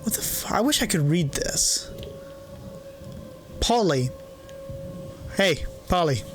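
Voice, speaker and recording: A man with a slightly high voice gives loose, running commentary while he plays a horror game. He mutters his thoughts out loud and swears freely, close to a desk microphone. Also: sing-song, slow, soft background music. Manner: casual, swears freely, thinks aloud. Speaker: gamer playing a horror game. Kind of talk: casual gameplay commentary.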